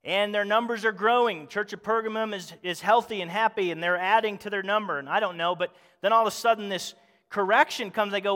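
A man's voice: high-pitched, fairly even intonation, a little fast, bright, forceful tone, smooth. Guy pastor giving a sermon, earnest, keeps asking the congregation stuff, echoey church. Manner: earnest, asks the congregation questions. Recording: long hall reverb.

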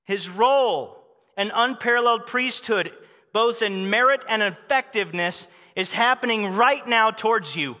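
A man delivers a sermon in a high, bright voice, pressing his points with fervent repetition. His words ring out with the long reverb of a large hall. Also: normal speed. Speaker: pastor.

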